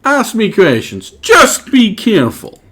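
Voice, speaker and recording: A man voicing a small, anxious male crab who wants a bigger shell, in a strained, high put-on voice for a video game. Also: huge pitch swings, unhurried, pushed and bright, full character voice. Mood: wary.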